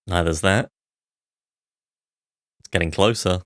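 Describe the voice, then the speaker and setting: A man's voice: deep voice, moderate pace, long pauses, a bit bright, dry recording, studio quality, soft background music. A man streaming a game live, chatting casually and thinking aloud as he plays. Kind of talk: casual live gameplay commentary.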